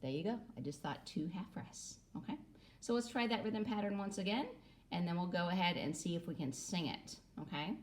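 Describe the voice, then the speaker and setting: A woman's voice: lowish voice, brisk. A woman music teacher gives a recorder lesson to children, patiently adding "okay?" after nearly every phrase.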